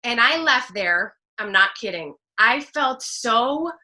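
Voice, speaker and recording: A woman from New Jersey, a guest telling an animated personal story, laughing often and acting out what people said. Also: on the high side, slow. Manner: expressive, laughs often, acts out quotes. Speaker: guest, speaker.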